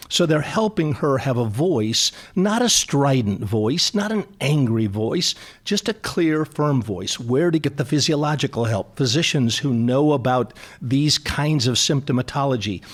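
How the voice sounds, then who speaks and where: Middle-aged male guest expert, animated and emphatic, mid-pitched voice. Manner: animated, emphatic, repeats for stress. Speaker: psychologist guest. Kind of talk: conversational radio interview.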